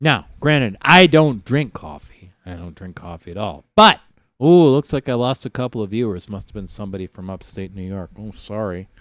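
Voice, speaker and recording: A man's voice: fairly low pitch, expressive, moderate pace, fairly bright tone, no echo, studio quality. A middle-aged Canadian man with a Canadian accent, hosting a casual livestream and talking in a rambling, profane way with frequent laughter. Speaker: livestream host.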